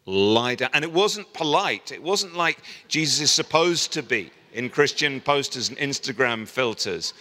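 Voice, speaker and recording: A middle-aged man preaches, telling a story and acting out the voices of the people in it. His voice is bright and forward. It rings out with a long reverb, as if he stands in a large hall. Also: fairly high pitch, normal speed, few pauses. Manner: storytelling, animated voicing of quoted people. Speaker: pastor. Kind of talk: sermon.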